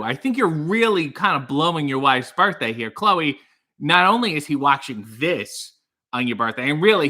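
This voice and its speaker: Guy doing a rambly deadpan live show, swears a lot, bright edgy voice. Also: fairly high pitch. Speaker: host. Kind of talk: comedic livestream monologue.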